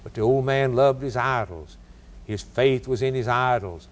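A man preaching a sermon, telling stories dramatically and building cadenced lists, with big swings in pitch and pace. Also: moderate pace.

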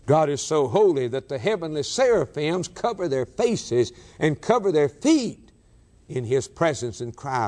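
A man preaching a sermon, swinging from raised declarations to hushed, drawn-out lines. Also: a little high, big pitch swings. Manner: dramatic preaching with sudden swings from loud to hushed.

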